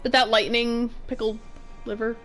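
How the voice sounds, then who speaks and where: A woman's voice: on the high side, flat delivery, normal speed, fairly bright tone, soft background music. A woman in her thirties chatting casually while streaming a game, giggly and playfully swearing. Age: 30s. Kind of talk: casual gameplay commentary.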